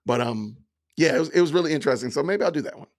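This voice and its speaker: A man's voice: fairly high pitch, expressive. A man hosting a livestream podcast, chatting loosely with his viewers. He reads out commenters by name and reacts in a sarcastic, mock-offended way, leaning hard on his words and drawing them out. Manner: sarcastic mock-offended, drawn-out emphatic delivery; addresses chat commenters by name. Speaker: podcast host reading live chat.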